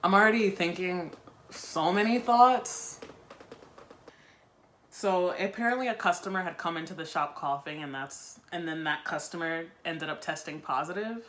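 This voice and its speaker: A woman reads a novel aloud in a bright, clear voice, breaking off for casual, wry comments. Her talk stays loose and conversational, mixing reading with chat. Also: on the low side, normal speed, a little hiss or hum. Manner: chatty, wry asides between read passages. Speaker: book-reading video host.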